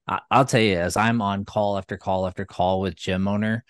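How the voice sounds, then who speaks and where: A man with a very deep voice, co-hosting a show for gym owners. He talks in a relaxed, agreeable way and often retells calls with clients. The sound is close and dry. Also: a little fast, clean tone, no room sound. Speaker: co-host, gym follow-up coach. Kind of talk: casual chat.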